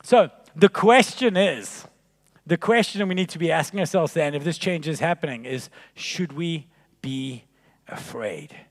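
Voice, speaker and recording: A man with a high voice delivers a conference keynote in a big hall whose long reverb trails after his words. He tells stories in a jokey, animated way and builds each one up to its punchline. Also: unhurried. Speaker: keynote speaker.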